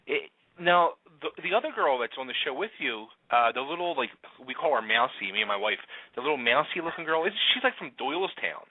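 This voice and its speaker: A man's voice: mid-range voice, expressive, fairly quick, hardly any pauses, dry recording. A man hosting a radio interview in a conversational way, laughing along with his guest. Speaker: radio host. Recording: dry, phone-like narrow sound.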